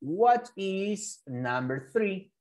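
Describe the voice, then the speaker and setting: Male teacher, native Spanish speaker, drilling sounds on a video call; unhurried, very animated pitch. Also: a little hiss or hum. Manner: patient, repeats and drills words. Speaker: English teacher. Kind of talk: online English lesson for a child.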